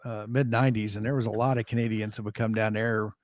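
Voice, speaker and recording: A man's voice: on the low side, level tone, fast talker, a crowd in the background. A man co-hosting a casual chat with dry, teasing humor. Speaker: co-host.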